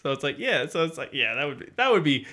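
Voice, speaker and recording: A man's voice: a little high, sing-song, fast talker, crowd noise. A man co-hosting a podcast in casual chat, giggling and acting out other people in his stories. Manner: giggly, acts out quoted people in bits. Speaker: podcast co-host.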